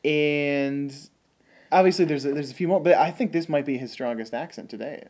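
A man's voice: fairly high pitch, normal speed, a little mellow. A man co-hosting a podcast, talking casually about a movie with lots of fillers and restarts. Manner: chatty, many fillers and restarts. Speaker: podcast co-host. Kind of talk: casual film discussion.

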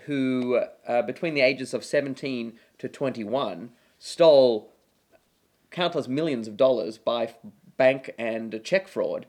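A man with an Australian accent softened by years of American television talks as a guest on a casual podcast. His manner is wry and self-deprecating. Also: medium pitch, slow pace. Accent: Australian, partly Americanized. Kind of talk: casual chat.

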